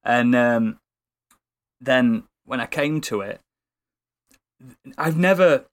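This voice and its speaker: An excitable British man chatting on a podcast, his pitch sitting in a middling range. He swears freely and keeps the talk lively, with a casual, conversational delivery. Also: takes it slowly. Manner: animated, swears and laughs often. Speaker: podcast co-host and streamer. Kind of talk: casual chat.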